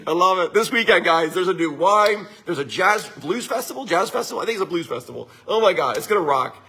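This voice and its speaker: Middle-aged guy, winery owner, chatting upbeat to his viewers, husky voice, swings up and down a lot. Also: sits high, expressive, fast, sharp tone. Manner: upbeat, chatty, often tags lines with "right?". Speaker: winery owner hosting a livestream. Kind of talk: casual motivational talk to viewers.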